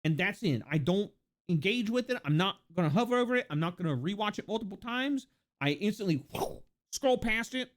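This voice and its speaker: Streamer host, mid-pitched, very animated intonation, loose profane rambling delivery. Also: brisk. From United States. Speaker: livestreamer. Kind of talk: casual live-stream rant.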